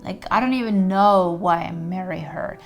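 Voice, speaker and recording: A woman's voice: on the low side, moderate pace, faint music behind, close to an everyday voice. A woman voicing a bitter, frustrated male painter who swears and rants. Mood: ranting. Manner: loud, ranting, profane.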